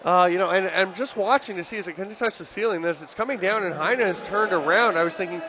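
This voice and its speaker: A man calling live lacrosse play-by-play in rapid, excitable bursts that rise on goals, his voice worn and giving out. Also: high voice, slight background noise. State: voice giving out, throat clearing. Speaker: play-by-play commentator.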